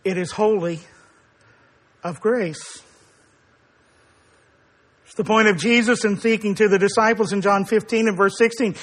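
A male preacher with a strikingly high voice gives an emphatic sermon, building to forceful declarations and acting out quoted dialogue when he tells stories. His intonation is fairly even, his pace a little slow, and he takes long pauses.

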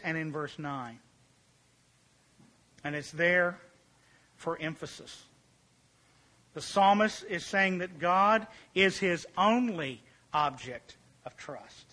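A male preacher with a notably high, bright voice delivers a sermon. He presses his points by repeating key words and slowing down. His voice often sinks to a quiet hush at the end of a thought. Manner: emphatic, repeats key phrases, slows and drops to a hush for emphasis.

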